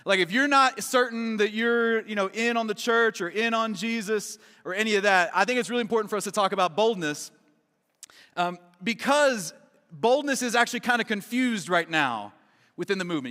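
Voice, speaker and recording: A bright, high-voiced man from Kentucky preaching a relaxed, conversational sermon with jokes. His voice rings with a long reverb off a large church auditorium. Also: moderate pace. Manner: conversational and joking, lots of "right?" and "man". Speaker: pastor. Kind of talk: casual sermon.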